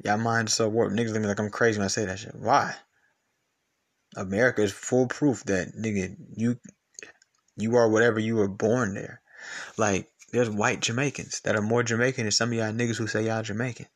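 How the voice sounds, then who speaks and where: A man's voice: on the low side, little pitch movement, fairly quick. A man hosting a podcast, ranting in a blunt, profane, repetitive and argumentative way. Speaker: podcast host. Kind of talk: casual podcast rant.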